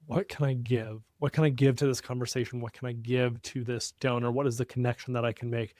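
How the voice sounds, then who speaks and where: A man's voice: mid-range voice, flat delivery, a little fast, darkish tone, dry recording, clean studio sound. A man hosting a podcast, enthusiastic and affirming toward his guest. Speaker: podcast host. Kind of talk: podcast interview.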